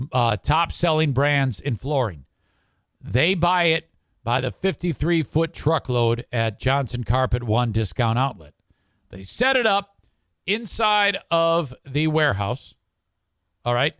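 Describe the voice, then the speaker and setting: A man's voice: fairly high pitch, fairly bright tone, dry recording, studio quality. Blunt, swearing male podcast host. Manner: blunt, swears freely, reads comments aloud. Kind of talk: casual talk and live ad reads.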